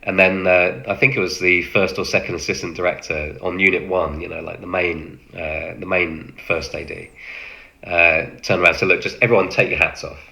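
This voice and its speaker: Man, low bright voice, halting storyteller who mimics others. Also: level tone, vocal fry. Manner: halting, full of fillers, acts out quoted lines. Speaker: film extra recounting set experience. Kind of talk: casual anecdote.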